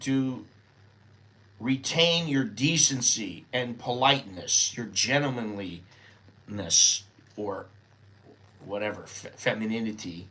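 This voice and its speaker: Slow and pausing often, this older American man speaks in a fairly low voice with a sharp tone. He's a vlogger based in Thailand, talking off the cuff in a rambling, chatty monologue and thinking aloud along the way.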